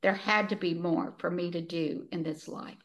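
A woman's voice: lowish voice, steady tone, moderate pace, lo-fi sound, slight background noise. An older woman, a retired author, reading her own novel aloud with earnest feeling and laughing easily as she chats.

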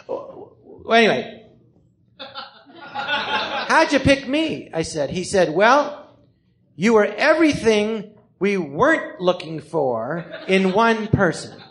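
A man's voice: high-pitched, takes it slowly. A man, a comedian, telling his life story on a live podcast, acting out the voices of the people in it and swearing freely. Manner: animated, acts out other people's voices in quotes; swears freely, self-deprecating. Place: theater stage before a live audience.

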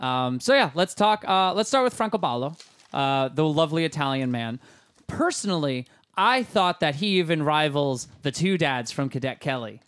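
Male podcast co-host, slightly high voice, playful, dry close sound. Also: expressive, normal speed, fairly bright tone, smooth, no echo. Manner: playful, leads segments. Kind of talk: casual chat.

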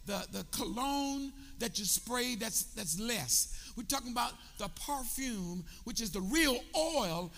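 A bishop preaching a sermon, drawing call-and-response from his congregation and building from quiet explanation up to shouts. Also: very high voice, lively intonation, unhurried, vocal fry, few pauses, soft background music. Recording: long reverb of a large hall.

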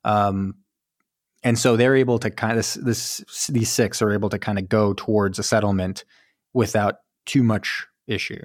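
A man with a fairly low voice recaps a film in a loose, rambling way, joking and acting out lines as he goes. The sound is dry and close, with no room around it. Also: steady tone, moderate pace, no room sound. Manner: rambling, jokey, acts out characters' lines. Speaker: podcast co-host. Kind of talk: casual movie recap chat.

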